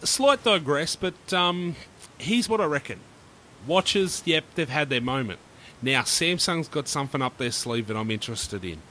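A man's voice: on the high side, animated, moderate pace, bright, forceful tone, a little hiss or hum. A man, co-hosting a casual tech chat podcast and giving laid-back, opinionated takes. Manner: opinionated, laid-back, uses Aussie slang. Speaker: podcast co-host.

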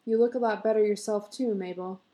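A woman's voice: mid-range voice, steady tone, fairly quick, dark tone, close to an everyday voice. A woman voicing an earnest, eager husband who coaxes and insists. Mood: proud. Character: earnest husband, eager and fussing, middle-aged.

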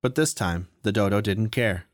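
A man reading a story aloud in a steady, even storytelling manner. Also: lowish voice, moderate pace, dry recording, clean studio sound. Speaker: audiobook reader. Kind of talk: storytelling narration.

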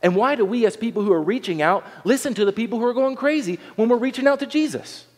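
A man preaching a sermon, animated, acting out the voices of the people in the story. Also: extremely high pitch, fast talker, long reverb tail. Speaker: pastor.

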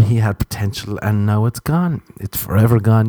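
Irish man, low dry voice, self-mocking. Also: moderate pace, hardly any pauses, mellow, no room sound. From Ireland. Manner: self-deprecating, jumps into silly high voices for quotes. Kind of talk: casual comedic monologue.

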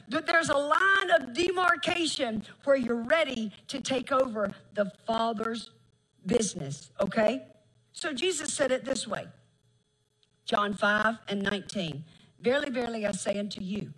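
A middle-aged woman preacher, delivering a folksy, emphatic sermon with drawn-out phrases and laughter. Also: fairly high pitch, fairly bright tone, poor audio.

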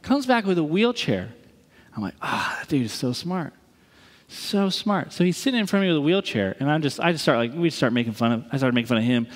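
A pastor from the East Coast preaching a sermon, telling a story with jokes and acted-out quotes, then praying. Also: male voice, fairly high pitch, fairly quick, long reverb tail. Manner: animated, acts out quotes, jokey then earnest. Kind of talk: sermon with storytelling and closing prayer.

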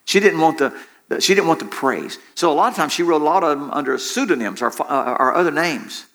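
A man's voice: fairly high pitch, animated, brisk, a bit bright. A male preacher giving a sermon who often restarts phrases and draws the congregation into call-and-response. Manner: repeats himself, engages the congregation with call-and-response.

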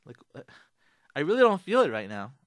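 A deflated wife mutters through her disappointment, looping back over the same complaints, as a man puts her on. The voice stays quiet and close, with a dry sound and no room around it. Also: fairly high pitch, huge pitch swings, fairly quick, dry recording. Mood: frustrated, weary. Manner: muttering, weary, repeating herself. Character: exasperated wife on a ruined anniversary.

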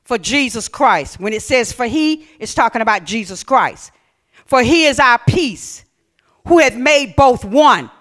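A man pastor preaching a sermon, reading scripture aloud and questioning his congregation, rising to shouted emphasis. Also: very high-pitched, animated, a little slow. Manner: reads scripture aloud and comments on it.

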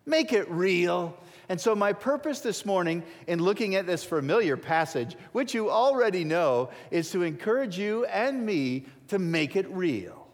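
A male pastor preaches slowly and deliberately, his fairly high voice rising and falling widely. He stresses key words, then lets phrase endings sink to a near hush. The sound carries the long reverb of a large hall. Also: sing-song. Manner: emphatic, with dramatic drops to near silence at phrase ends. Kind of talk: sermon.

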